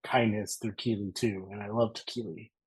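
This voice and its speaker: A man chatting as a guest on a podcast, relaxed and full of fillers like "like" and "you know". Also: fairly low pitch, normal speed, breathy edge, dry recording, low-quality recording. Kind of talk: casual chat.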